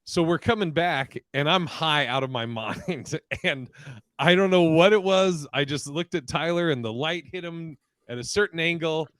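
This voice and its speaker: A man's voice: fairly high pitch, normal speed, fairly bright tone, dry recording. A man hosting a casual comedy podcast, loose and laughing with lots of fillers. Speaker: podcast host. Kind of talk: casual chat.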